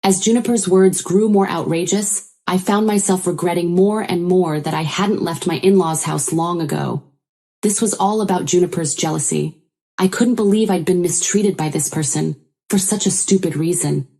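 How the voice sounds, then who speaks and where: A woman narrating a first-person story in an even, measured way. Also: lowish voice.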